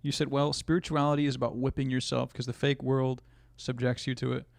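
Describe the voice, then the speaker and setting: A man's voice: medium pitch, little pitch movement, a little fast, vocal fry, no room sound. A man streaming live, reacting to videos with crude, joking commentary and reading chat aloud.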